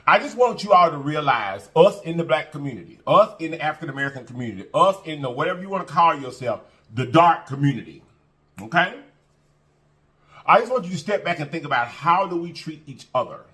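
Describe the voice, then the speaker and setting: A man hosting an eating show, speaking to his viewers in a bright, fairly high voice that swings up and down as he talks. He comes across earnest and a little preachy, repeats his phrases for emphasis, and keeps calling his audience y'all. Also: lively intonation, fairly quick. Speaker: mukbang eating-show host. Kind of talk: casual heartfelt talk to camera.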